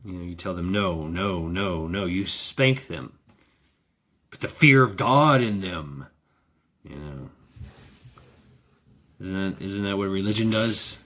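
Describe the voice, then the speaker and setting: Slow, low-voiced sardonic man. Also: expressive, fairly bright tone. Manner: sardonic and profane, with frequent chuckles; wry. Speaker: vlogger. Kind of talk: casual rambling monologue.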